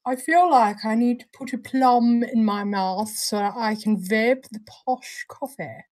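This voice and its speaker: Slow-talking woman on a chatty live stream. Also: fairly high pitch, fairly even intonation, a little mellow. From Australia or New Zealand. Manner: chatty, unhurried, trails off and laughs often. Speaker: co-host of a vape review stream. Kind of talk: casual live-stream chat.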